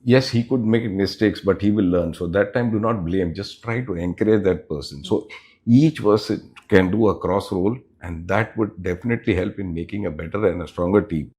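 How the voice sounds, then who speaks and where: A middle-aged man, answering interview questions as a business unit head in a measured, explanatory way with pauses between phrases. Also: deep voice, a little mellow.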